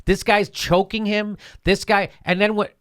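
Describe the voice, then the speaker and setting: A man's voice: high-pitched, little pitch movement, measured pace, fairly bright tone, smooth. A man hosting a show, giving heated political commentary, indignant and sarcastic, repeating his points with profanity. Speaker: host.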